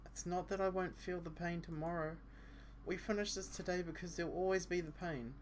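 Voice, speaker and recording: A man's voice: sits high, steady tone, fairly quick, a little hiss or hum, voice pushed up, natural voice. A man doing Asa, a pained teenage schoolgirl. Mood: determined. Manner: pained, pleading. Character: shy determined teenage schoolgirl senpai in pain. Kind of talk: visual novel read-aloud.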